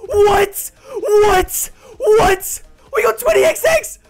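A man impersonating an excitable male gaming YouTuber who screams over crate openings in a high, shrieking voice. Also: brisk, lightly acted. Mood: ecstatic screaming. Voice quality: shrieking, overexcited. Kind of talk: YouTuber impression.

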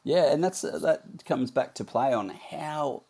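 A man hosting a podcast, reflecting on his own story in a relaxed conversation. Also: a little high, a little slow, breathy edge. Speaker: podcast host.

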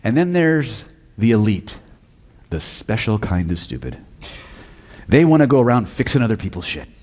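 Man lecturing a seminar crowd, lowish voice, blunt and profane, long hall reverb. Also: big pitch swings, moderate pace, darkish tone. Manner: blunt, profane, quizzes the audience. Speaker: hypnosis teacher.

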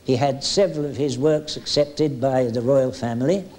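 A man's voice: medium pitch, moderate pace, darkish tone. An older man, telling stories in a chatty, jokey way, with hesitant fillers now and then. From England. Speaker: retired music hall entertainer reminiscing. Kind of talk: anecdotal storytelling.

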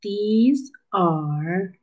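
A woman's voice: medium pitch, lively intonation, very slow, mellow, low-quality recording. A woman speech clinician leading a children's lesson, drawing out words in an encouraging, sing-song teacher voice. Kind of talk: children's syllable-clapping lesson.

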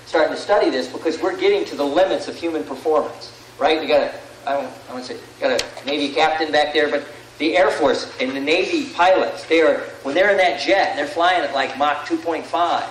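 A man's voice: on the high side, a little hiss or hum. Rambling man lecturing in an echoey hall. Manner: animated, rambling, asks "right?" often. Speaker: seminar speaker. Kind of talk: live seminar talk to an audience. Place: large room with an audience. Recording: echoey room, far from the mic.

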